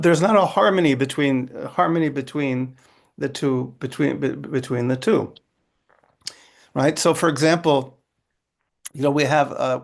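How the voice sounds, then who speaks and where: Gravelly-voiced rabbi teaching with restarts. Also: male voice, mid-range voice. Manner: teaching, many restarts and "right?" checks. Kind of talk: interfaith dialogue talk.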